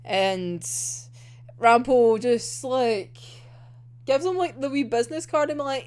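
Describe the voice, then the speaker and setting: A young woman chatting casually about an anime episode, excitable and gushing, laughing often. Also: fairly high pitch, takes it slowly. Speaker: anime reviewer.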